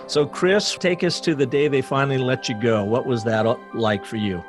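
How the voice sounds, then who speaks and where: A man's voice: mid-range voice, fairly even intonation, moderate pace, soft background music. A man hosting a podcast, interviewing a guest in a conversational way and leading with guiding questions. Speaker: podcast host.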